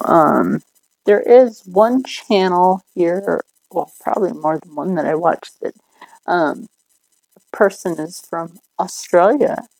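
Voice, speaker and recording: A woman's voice: fairly low pitch, gravelly, a little mellow, breathy edge, dry recording, poor audio. A middle-aged woman hosting a livestream, rambling along in casual chat and laughing often. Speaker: livestream host.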